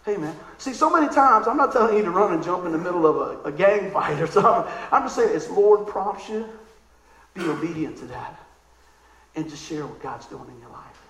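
A high-pitched man delivers a sermon, excitable and chatty, telling stories and often checking in with his listeners. His voice rings around a big room with a lot of echo. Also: a little fast. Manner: animated, excitable storytelling; conversational, asks the crowd questions. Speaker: preacher.

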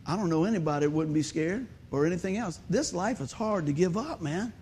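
A man's voice: high voice, lively intonation, fairly quick, darkish tone, a little hiss or hum. A man preaching a sermon, telling a folksy story and joking with the congregation. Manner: folksy, conversational, joking with the audience.

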